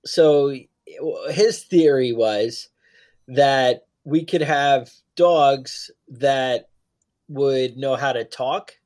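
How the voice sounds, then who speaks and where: A man's voice: mid-range voice, extremely slow, darkish tone. A man co-hosting a podcast, talking casually in rambling, joking asides. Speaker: podcast co-host.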